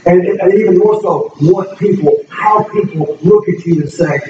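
Guy rambling through his testimony, kinda high voice, dull muffled sound, lots of noise. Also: normal speed, warm tone. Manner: earnest, emotional, rambling with restarts. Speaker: speaker giving a testimony. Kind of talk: casual spoken testimony to a congregation. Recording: echoey room, distant mic, dull and noisy.

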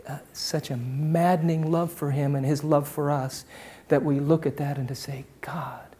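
A man preaching a sermon, swinging from loud impassioned declarations to hushed, almost whispered appeals. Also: fairly high pitch, flat delivery, moderate pace. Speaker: pastor.

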